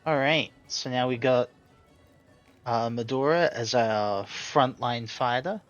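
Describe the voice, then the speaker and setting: A man's voice: medium pitch, slow. A man streaming a game, laid-back and wry in casual commentary. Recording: dull lo-fi mic. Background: game music.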